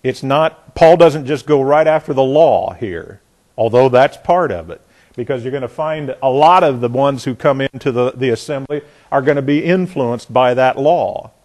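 A man's voice: medium pitch, moderate pace, a little mellow. A man teaching a bible class in a conversational way, trailing off and restarting his sentences with frequent asides.

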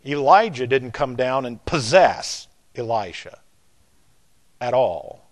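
An older man with a Southern American accent preaches a sermon, hammering key words and repeating them as his point builds. His medium-pitched voice is very animated, and his emphatic, drawn-out delivery grows louder on the important words.

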